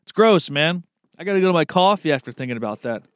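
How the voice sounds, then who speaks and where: A man's voice: fairly high pitch, lively intonation, quick pace, a bit bright, no echo. A man in a casual, rambling monologue, laid-back and swearing freely, often calling the listener man or dude. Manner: chuckles at his own slips.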